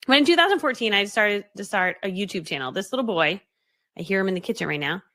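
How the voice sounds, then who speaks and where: A woman coaching her audience in a rapid, lively stream, her fairly high voice swinging widely up and down. She acts out the voices in her story as she goes, and the sound is close and dry with no room around it. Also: dry recording. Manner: fast-talking, animated, acts out quoted voices; laughs often mid-story. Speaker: business coach. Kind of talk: live storytelling talk to an online audience.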